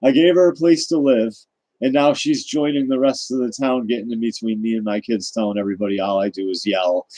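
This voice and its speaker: A man talks straight into the camera in a rambling, indignant rant, circling back and restarting his sentences. His voice is mellow and a little dark. It is recorded dry and close, with no room sound. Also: fairly low pitch, no room sound, low-quality recording. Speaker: vlogger. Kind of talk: ranting personal monologue.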